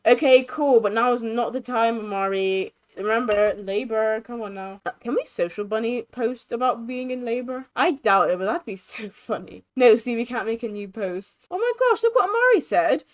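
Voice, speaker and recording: A young woman giving casual, chatty commentary on a life-simulation game, expressive and sympathetic. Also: a little high, normal speed, hardly any pauses. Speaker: gaming creator.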